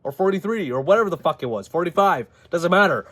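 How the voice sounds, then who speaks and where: A man ranting casually about a hockey trade, animated and swearing a lot. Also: a little high, a little fast. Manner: animated, profane, incredulous. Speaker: hockey commentator. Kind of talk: casual sports rant.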